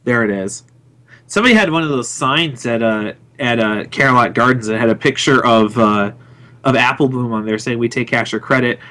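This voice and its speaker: A man's voice: medium pitch, normal speed, bright, forceful tone. A man in his twenties hosting a casual chat show, talkative and laughing often. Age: 20s. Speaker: podcast host.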